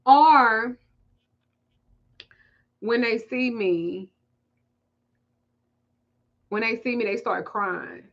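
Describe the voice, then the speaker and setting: A Southern woman chats on her livestream in a bright, slightly high voice, swearing freely and laughing through her stories. The audio is a bit muffled and lo-fi, as if it came through a modest stream setup. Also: very slow, long pauses. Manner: profane, laughing, storytelling banter. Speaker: spiritual reader and livestream host. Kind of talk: casual livestream chat.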